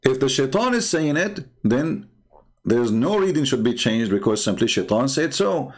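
Man, gravelly creaky voice, arguing loosely with lots of uh and restarts. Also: mid-range voice, very animated. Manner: argumentative, halting, many fillers and restarts. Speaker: religious commentator. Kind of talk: unscripted screen-share talk.

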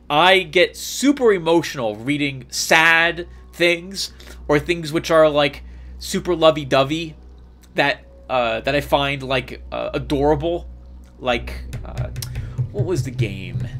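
Bright, lively-voiced man narrating gameplay. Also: on the high side. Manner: rambling, excitable, laughs often. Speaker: let's play host. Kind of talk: casual gameplay commentary.

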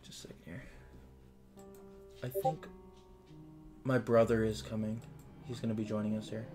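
A man voicing a poised young crown princess in a tabletop game, speaking softly and calmly. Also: a little high, measured pace, faint music behind. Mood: composed.

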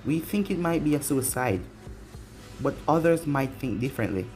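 A man's voice: mid-range voice, animated, normal speed, a little mellow, natural voice. A dutiful male scout, voiced by a man, reports in a formal, respectful manner, in a plain middle-range voice. Faint music sits under this fan audio story.

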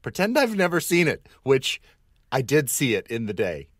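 A man's voice: medium pitch, huge pitch swings, normal speed, fairly bright tone, dry recording, studio quality. A man hosting a casual podcast interview, playfully quizzing his guest. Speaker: podcast host.

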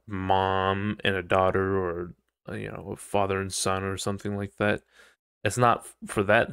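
A man hosting a casual solo podcast, rambling and swearing with sudden animated outbursts. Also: lowish voice, vocal fry, no room sound, clean studio sound. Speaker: podcast host.

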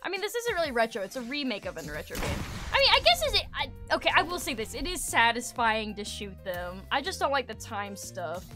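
A woman's voice: fairly high pitch, sing-song, a little fast, hardly any pauses, music in the background. A woman game streamer chatting casually, rambling and swearing in joking commentary.

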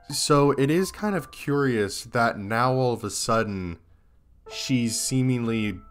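A man's voice: lowish voice, a bit bright. A man giving casual let's-play commentary, rambling and thinking aloud, his voice getting a little tired. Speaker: gaming video host.

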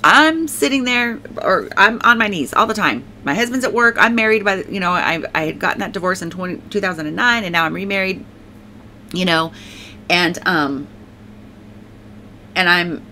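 Bright-voiced woman rambling through her testimony. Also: fairly low pitch, normal speed, a little hiss or hum. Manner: rambling and emphatic, heavy filler "like", repeats herself; prays aloud. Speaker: faith testimony speaker. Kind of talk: casual spoken testimony.

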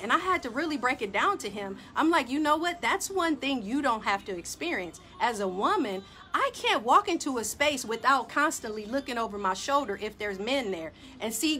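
A woman hosting a talk show, telling a personal story in an animated, emphatic way and speaking straight to her listeners. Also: on the high side, a little hiss or hum. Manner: animated, emphatic, addresses audience directly. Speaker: podcast host.

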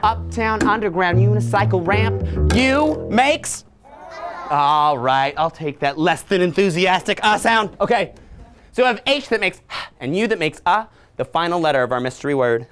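Woman, 30s, children's entertainer, lively swooping pitch, playful sound effects, faint ukulele. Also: moderate pace, clear, resonant tone, faint music behind. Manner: animated and playful, with silly sound effects and growls. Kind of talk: interactive children's phonics lesson. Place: public library room with children.

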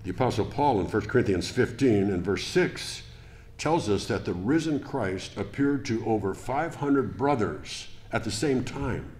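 A man preaching a sermon as pastor, deliberate and emphatic, with rhetorical questions to the congregation. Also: fairly low pitch, animated, a little mellow. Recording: echoey church room.

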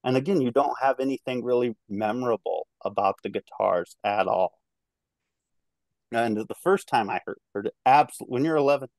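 A man's voice: medium pitch, moderate pace, creaky, a little mellow, dry recording. A man in his thirties with a twangy Midwestern American accent, rambling through a casual album review with lots of fillers and restarts. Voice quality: slight twang. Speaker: music podcast reviewer.

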